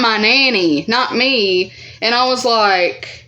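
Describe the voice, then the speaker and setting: Rambling, profane woman vlogger. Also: slow. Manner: rambling, profane, many fillers; acts out quoted voices higher and louder. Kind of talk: casual storytime vlog.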